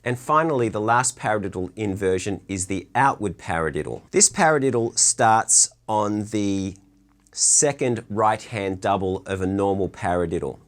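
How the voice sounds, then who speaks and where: A man giving a relaxed, chatty drum lesson from his drum room, counting beats aloud as he explains stickings. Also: lowish voice, moderate pace. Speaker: drum teacher.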